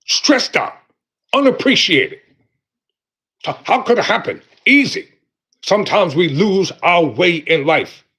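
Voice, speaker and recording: A middle-aged man hosting a livestream, giving an impassioned motivational monologue in an emphatic, preacherly way, with loud bursts and low, intense stretches. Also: slightly rough. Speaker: host of a livestream talk.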